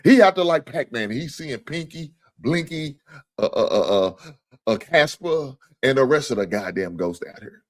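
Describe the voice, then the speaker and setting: A man's voice: medium pitch, animated, normal speed. A man hosting a casual sports talk livestream, joking, swearing freely and thanking viewers for donations. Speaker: sports talk show host.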